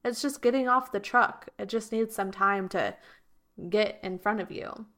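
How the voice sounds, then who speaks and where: A woman's voice: medium pitch, moderate pace, fairly bright tone. An earnest woman talking through a solo podcast episode as a relationship coach. She circles back over her points and sometimes slips into quoted voices to make them vivid. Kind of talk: reflective solo podcast talk.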